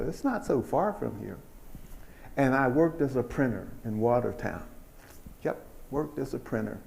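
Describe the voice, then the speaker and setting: Older male keynote speaker, raised-pitch voice, relaxed folksy storyteller, lots of pauses. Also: gravelly. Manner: unhurried, folksy, with fillers and pauses. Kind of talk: storytelling speech.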